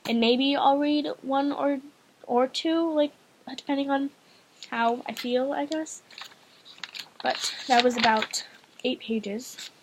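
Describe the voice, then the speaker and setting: A woman's voice: high-pitched, steady tone, slow pace, pauses often, a little hiss or hum. A woman reading a novel aloud in a casual, hesitant way, often stumbling and restarting lines. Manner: hesitant, frequent restarts and fillers. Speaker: audiobook reader, channel host.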